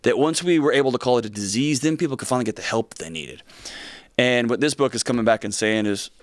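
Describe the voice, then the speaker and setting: A man hosts his studio show in a dry, close sound with no room around him. His pitch sits in an ordinary middle range, and he talks with energy, wanders off on tangents and throws in jokes as he goes. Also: fast, dry recording. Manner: energetic, rambling, joking asides. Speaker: podcast host. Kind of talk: casual studio chat. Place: podcast studio. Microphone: studio mic with earphones.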